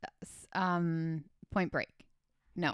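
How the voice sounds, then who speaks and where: A woman's voice: low voice, steady tone, takes it slowly, clean tone, dry recording, muffled recording. A young woman co-hosting a podcast, chatting casually with lots of likes and trailing-off sentences. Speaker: podcast co-host. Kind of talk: casual chat.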